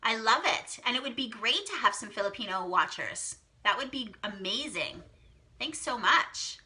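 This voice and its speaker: Bright, lively woman teaching phonics. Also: fairly high pitch, moderate pace. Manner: bubbly, encouraging, reads out children's guesses with excited gasps. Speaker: teacher hosting a live online lesson. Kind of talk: live-streamed phonics lesson for young children.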